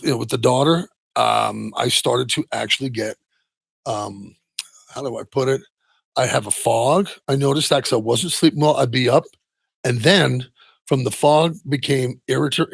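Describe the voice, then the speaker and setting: A middle-aged man, a retired football player, tells his story candidly in an interview, halting often and trailing off into soft asides. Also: mid-range voice, creaky, slightly rough, dry recording.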